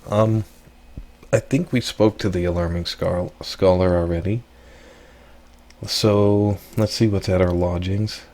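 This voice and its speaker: A man hosting a let's play, casually reading game text and thinking aloud with relaxed asides. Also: low voice, a little slow, pauses often.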